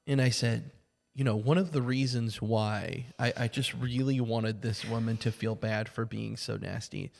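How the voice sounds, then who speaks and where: A man with a gravelly, creaky voice tells a personal story as a church podcast co-host, ambling through it with lots of "like" and "you know." His voice sits at an ordinary middle pitch. It rings out with a long, hall-like reverb behind it. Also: moderate pace. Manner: relaxed, rambling telling with many fillers. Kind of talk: casual storytelling conversation.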